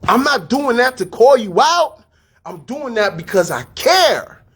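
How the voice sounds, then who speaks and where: A man giving a casual motivational talk, energetic and full of street slang, repeating his phrases. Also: extremely high pitch, measured pace, slightly rough. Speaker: fitness studio staff and podcast host.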